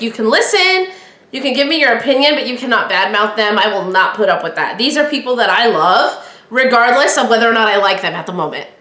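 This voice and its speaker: A woman hosts a casual solo podcast, chatty and opinionated as she acts out old conversations. Her voice sits a little high and sounds bright. The room gives it a noticeable echo. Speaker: podcast host.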